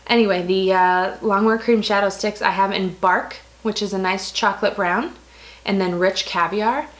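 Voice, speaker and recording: A young American beauty vlogger chats casually through a makeup review in a medium-pitched voice with fairly even intonation and a moderate pace. She often corrects herself mid-sentence and laughs at her own slips.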